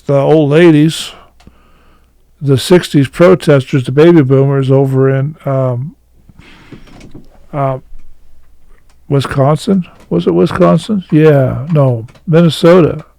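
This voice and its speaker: Man, host, rambling and halting, gravelly voice, dark tone, dry sound. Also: mid-range voice, no echo, low-quality recording. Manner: rambling, halting, many fillers and restarts. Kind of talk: casual commentary.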